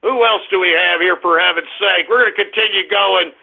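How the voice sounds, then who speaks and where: A man hosting a call-in radio comedy show, ranting and shouting at callers in a cartoonishly high, strained voice. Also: fairly quick, creaky. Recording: tinny phone-line sound.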